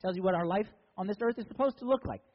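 Male pastor preaching, high husky voice, dull sound with long church reverb. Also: fast talker. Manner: preaching, repeating words for emphasis. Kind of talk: sermon. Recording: dull, echoey church recording.

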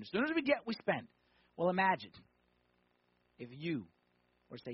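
A man preaching a conversational sermon, asking the crowd questions and swinging from loud emphatic points to quiet ones. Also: sits high, huge pitch swings, normal speed, long pauses, husky, no echo, muffled recording. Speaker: pastor.

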